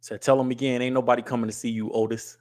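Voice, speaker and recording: A man's voice: mid-range voice, level tone, fast, darkish tone. Blunt West Coast man hosting a stream. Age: adult with wife and kids. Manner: blunt and scolding to chat, reads comments aloud. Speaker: livestream host. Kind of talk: casual live-stream commentary.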